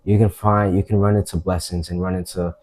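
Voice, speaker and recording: A man's voice: low voice, flat delivery, a little fast, darkish tone, rough recording. A young man co-hosting a casual podcast chat, laid-back, with frequent affirming murmurs.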